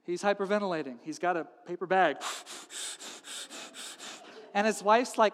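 A pastor with a high, bright voice swings his pitch widely as he preaches with comic energy. His voice carries a long hall reverb. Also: normal speed, pauses often. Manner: animated, acts out characters with funny voices. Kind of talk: comedic sermon storytelling.

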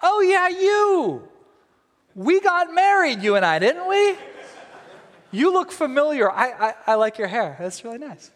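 A man's voice: extremely high pitch, sing-song, measured pace, fairly bright tone, long reverb tail, pitched above the performer's own voice, exaggerated voice. A man voicing a vain, dopey male king who is smitten and self-absorbed.

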